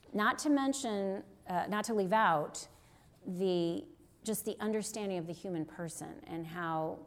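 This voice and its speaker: A middle-aged woman giving an earnest, conversational sermon-style teaching, often checking in with her listeners. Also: lowish voice. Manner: earnest, conversational, with frequent rhetorical "right?". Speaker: teacher on deliverance ministry.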